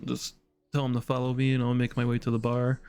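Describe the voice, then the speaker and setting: Gravelly male tabletop player. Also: medium pitch, monotone, quick pace, a little mellow, soft background music. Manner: casual, agreeable. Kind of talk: playing a tabletop game.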